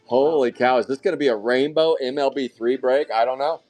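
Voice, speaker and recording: A man's voice: medium pitch, fairly quick, soft background music. A man hosting a live trading card break, calling out each pull with hype-filled, casual commentary and the odd curse. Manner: hype-driven, excitable calling of card pulls, casual swearing.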